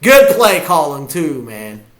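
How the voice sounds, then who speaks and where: A man reacting to a football game as a fan, hyped and often shouting his cheers. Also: fairly high pitch, very animated, slow pace. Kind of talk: live game reaction vlog.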